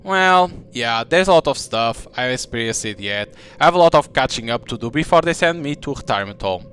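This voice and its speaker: A man's voice: medium pitch, animated, brisk, a bit bright, clean tone, natural voice. A man voicing a bubbly young heroine. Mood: fond. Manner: eager, rambling, bubbly. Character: cheerful chatty young woman heroine.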